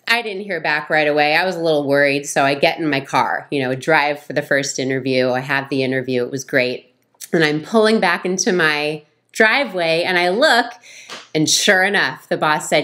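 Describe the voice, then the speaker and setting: A middle-aged woman and relationship coach telling a casual story, acting out quoted lines with sudden higher, louder voices. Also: normal speed.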